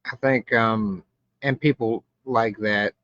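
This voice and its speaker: Host: calm, reflective man, um-heavy, muffled dry recording. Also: on the low side, no room sound. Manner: measured, reflective, hesitant with ums. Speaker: podcast host. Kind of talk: casual podcast chat.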